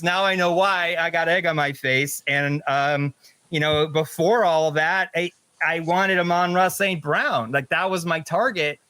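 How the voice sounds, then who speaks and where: A man co-hosting a podcast in casual chat, animated and self-mocking, sounding exasperated. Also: a little high, unhurried, clear, resonant tone, no echo. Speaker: podcast co-host.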